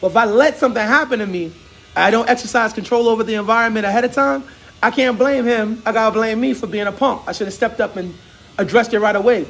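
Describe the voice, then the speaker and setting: A man hosting a casual barbershop chat, telling animated stories and laughing often. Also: high voice, fast, gravelly. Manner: laughs a lot, animated storytelling. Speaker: host.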